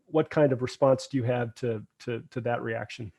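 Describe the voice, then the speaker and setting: A man hosting a podcast, asking long questions in a halting way, with many restarts and fillers. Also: medium pitch, fairly even intonation, gravelly, a little mellow. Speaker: podcast host.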